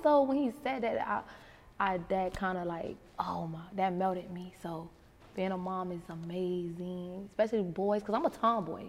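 Miami woman, animated guest storyteller, casual, hall reverb. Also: lowish voice, moderate pace. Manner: animated storyteller acting out quotes. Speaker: interview guest. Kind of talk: casual interview chat.

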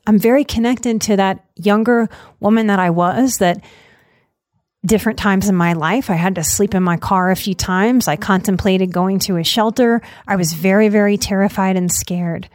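A woman's voice: medium pitch, normal speed, a little mellow, no echo, studio quality. A woman hosting a podcast, speaking earnestly and with emotion as she makes an announcement to her listeners. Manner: earnest, emotional, choked up at times. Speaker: podcast host. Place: Denver.

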